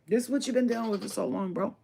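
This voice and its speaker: A casual card reader talks straight to the camera in loose street slang, swearing freely and getting worked up over each card. The voice sits at a middling pitch over a faint hiss of background noise. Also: quick pace, creaky. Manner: slangy, profane, excitable, talks straight to the viewer.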